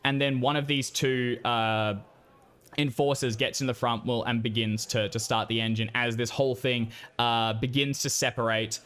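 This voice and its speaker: A man's voice: medium pitch, fairly even intonation, normal speed, a bit bright, clean tone. A man narrating a tabletop role-playing game as game master, in a loose, rambling way with many fillers.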